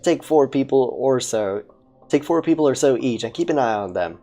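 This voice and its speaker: A woman voicing a crude, lazy male police commissioner, gruff and swearing, in a game playthrough. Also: rumbling low, animated, normal speed, mellow. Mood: bossy.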